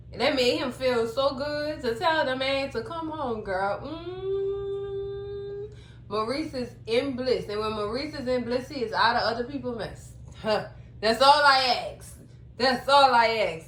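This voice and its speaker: A woman, chatting casually as she recaps a TV episode and acts out the characters' lines. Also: high voice. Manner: chatty, dramatic, acts out quotes. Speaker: TV recap vlogger. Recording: echoey room, faint hum.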